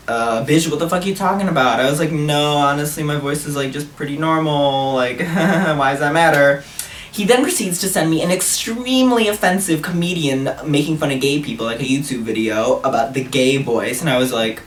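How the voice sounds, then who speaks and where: A young man telling a storytime vlog in a sassy, animated way. He swears freely and his pitch jumps high when he gets outraged. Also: brisk, far from the mic. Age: young adult. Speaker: vlogger. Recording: roomy echo, a little off-mic, faint hiss.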